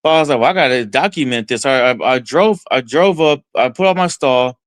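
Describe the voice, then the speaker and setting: A man from Texas, a podcast guest, telling a story in an excited first-person way and voicing his own thoughts along the way. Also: medium pitch, fairly quick, no echo. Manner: excited, retells events with quoted self-talk.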